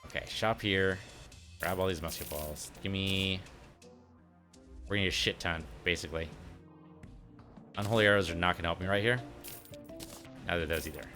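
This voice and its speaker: Laid-back male let's play host, low voice, rambling joke-teller, faint music behind. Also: moderate pace, pauses often. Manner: relaxed, rambling, joke-telling. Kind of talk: casual gameplay commentary.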